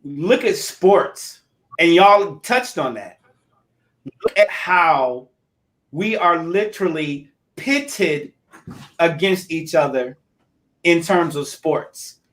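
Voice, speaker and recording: A man on a discussion panel who speaks in short, measured phrases. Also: a little high, lively intonation, fairly bright tone.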